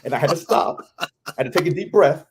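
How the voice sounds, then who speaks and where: A man's voice: on the high side, quick pace, husky. Man telling a story. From Kentucky, US South. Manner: animated storyteller, acts out quotes. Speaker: guest, veteran. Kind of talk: casual live-stream chat.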